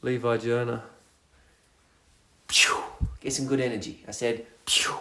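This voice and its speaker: Slow-talking playful man livestreaming. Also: mid-range voice, little pitch movement, bright, forceful tone. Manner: rambling, playful, reads out viewer comments. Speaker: livestream host. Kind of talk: casual livestream chat.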